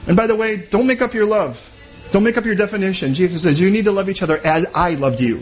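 A man preaching a sermon in a conversational, joking way, acting out quick little voices. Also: high voice, soft background music. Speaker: pastor.

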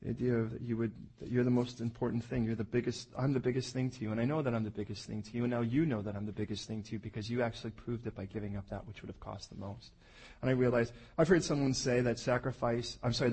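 A husky-voiced man delivers a sermon, retelling scripture in lively, conversational storytelling. He slips into playful acted-out voices for the figures in the story. His pitch sits in an ordinary middle range. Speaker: preacher.

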